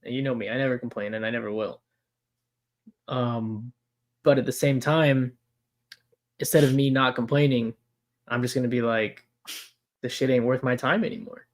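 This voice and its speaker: A man's voice: mid-range voice, steady tone, normal speed, long pauses. A man co-hosting a collectibles stream, rambling in a fed-up way with lots of fillers. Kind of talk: casual chat.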